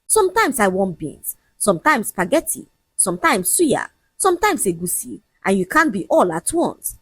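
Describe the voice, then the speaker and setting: A scornful young man who brushes off his fiancée and lectures her in a quick, mocking rush, voiced by a woman. The voice sits high and husky. It is recorded close and dry. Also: sing-song, no echo. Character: arrogant cheating young man, dismissive and shameless.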